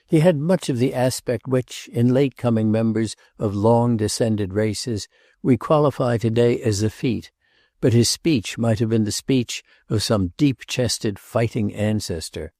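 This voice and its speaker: A man narrates a classic novel in a measured, even style. His voice is mellow and gravelly. The recording is close and dry. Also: medium pitch, no echo. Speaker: audiobook narrator. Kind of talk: scripted literary narration.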